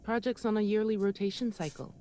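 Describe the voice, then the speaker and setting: A woman's voice: medium pitch, fairly quick, warm tone, faint music behind, natural voice. An actress voicing a nervous young woman receptionist in a video game, breathless, rattled and chatty.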